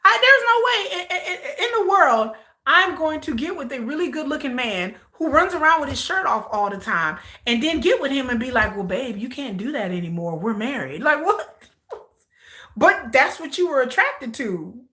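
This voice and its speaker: Bright-voiced American woman ranting. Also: high voice, very animated, normal speed. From United States. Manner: outspoken, incredulous ranting with mocking mimicry. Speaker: live-stream host reacting to a reality show. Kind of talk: casual livestream commentary.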